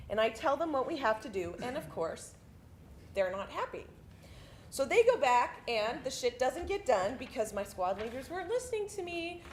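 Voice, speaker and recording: On a theatre stage, an army veteran, a woman with a fairly high voice, performs a spoken monologue about basic training. Her delivery swoops and swings with energy, casual and profane, and a faint hiss sits in the background.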